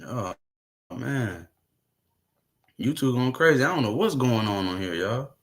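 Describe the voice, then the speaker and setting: A man's voice: mid-range voice, sing-song, a little slow. A man hosting his own livestream, chatting casually, rambling and swearing freely as he talks to viewers. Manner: profane, rambling, laughing between remarks. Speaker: livestream host.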